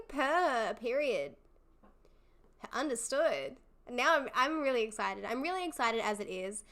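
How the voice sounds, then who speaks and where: A young woman hosts a casual livestream and talks with her viewers. Her voice is bright and a little high, and she speaks slowly. She is effusive and encouraging and laughs often. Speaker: livestream host. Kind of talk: casual live chat with viewers.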